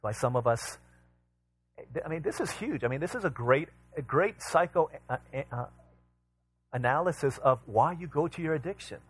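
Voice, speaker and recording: Husky-voiced preacher man, rising and falling. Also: animated, normal speed. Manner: rises to emphatic repeated questions, drops low for tender asides; tells a homey family anecdote. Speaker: pastor. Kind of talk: sermon.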